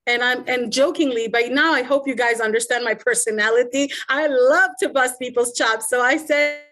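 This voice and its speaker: A woman's voice: fairly high pitch, normal speed, fairly bright tone. A middle-aged woman coaching public speakers in an online presentation, telling stories animatedly and asking rhetorical questions.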